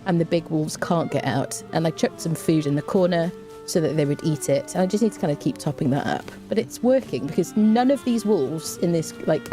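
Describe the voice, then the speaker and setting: Woman streamer, low and warm, casual live game talk with faint music behind. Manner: chatty and relaxed, many fillers and restarts. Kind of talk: live gameplay commentary, reading chat.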